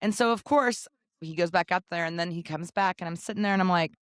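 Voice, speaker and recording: A woman co-hosting a podcast, telling a parenting story in an animated, casual way and acting out voices. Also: lowish voice, fast talker, no room sound, clean studio sound. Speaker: podcast co-host. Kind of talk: casual chat.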